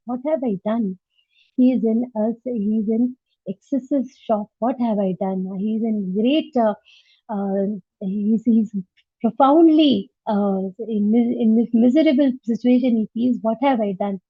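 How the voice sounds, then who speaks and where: Indian English woman, scripture teacher, fairly high voice, emphatic and repetitive; thin phone-like sound, dry. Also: breathy edge, dry recording. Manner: emphatic, repeats points, asks rhetorical questions. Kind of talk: devotional scripture class. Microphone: online class over a call. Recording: tinny phone-like line, dry.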